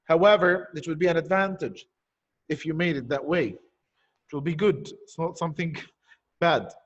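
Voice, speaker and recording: High-pitched guy teaching a poetry lesson online, asks his own questions then answers them, muffled call sound. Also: normal speed. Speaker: primary school teacher.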